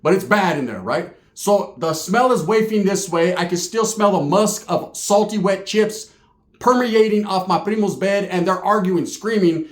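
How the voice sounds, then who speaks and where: A man's voice: high-pitched, moderate pace, echoey room. A man telling a comedic story in a casual, profane, streetwise way, peppered with slang.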